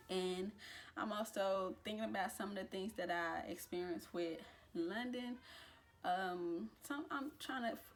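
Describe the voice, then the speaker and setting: Chatty young woman vlogging. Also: lowish voice. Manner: chatty, relaxed, with many fillers and restarts. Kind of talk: casual pregnancy update vlog.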